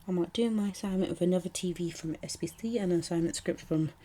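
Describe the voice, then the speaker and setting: A woman's voice: fairly low pitch, fast, mellow. A young British woman narrating her planner spreads in a chatty, rambling way, with ums and little asides. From United Kingdom. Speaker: planner vlogger. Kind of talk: casual voice-over narration.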